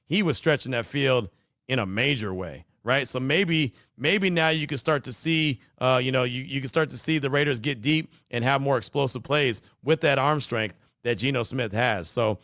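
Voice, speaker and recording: A man hosting a sports talk podcast, chatty and energetic, reading out listener texts and hyping his audience. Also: mid-range voice, moderate pace, dry recording, studio quality. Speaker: podcast host.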